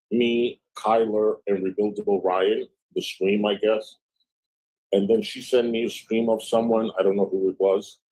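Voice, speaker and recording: A man's voice: lowish voice, darkish tone, poor audio. A man hosting a livestream, casually reading out a string of text messages and cutting in with snarky, sarcastic asides. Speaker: livestream host.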